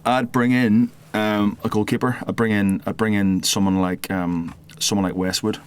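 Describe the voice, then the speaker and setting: A man's voice: fairly low pitch, flat delivery, moderate pace, clear, resonant tone. A man, a guest on a football podcast, chatting casually, agreeable and often repeating himself. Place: podcast booth.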